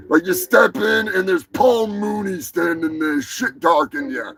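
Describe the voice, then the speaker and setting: A man with a high, gravelly voice hosts a live show, rambling through crude, joking rants full of swearing. Music plays clearly behind him. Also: lively intonation, unhurried, hardly any pauses, rough recording. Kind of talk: rambling live-stream monologue.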